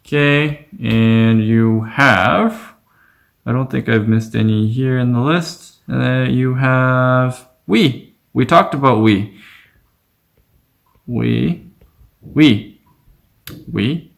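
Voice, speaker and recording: A man teaching a language lesson in a relaxed, casual way, repeating sounds slowly to demonstrate them. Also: mid-range voice, creaky.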